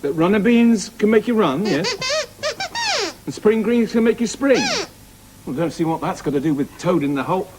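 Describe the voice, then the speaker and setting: A man's voice: high voice, expressive, fairly quick. A man hosting a children's puppet show, theatrical and prone to giggling. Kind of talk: children's TV presenting.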